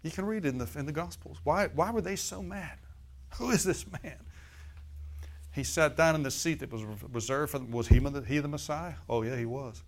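A man's voice: on the high side, a little fast. A man preaching a sermon in a church service, folksy, with laughing asides and rhetorical questions to the congregation.

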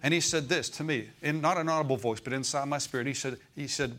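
A man's voice: mid-range voice, fast, hardly any pauses, sharp tone. A man preaching a sermon to his church in an easygoing style, often asking the congregation whether they follow him. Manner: conversational preaching, asks the congregation for agreement. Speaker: pastor.

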